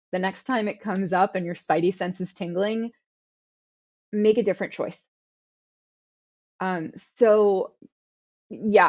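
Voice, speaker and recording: A woman's voice: mid-range voice, a little mellow, highs cut off. A woman in her thirties answering interview questions earnestly, often restarting and repeating words as she thinks. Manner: earnest, self-correcting with repeated words and fillers. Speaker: guest author.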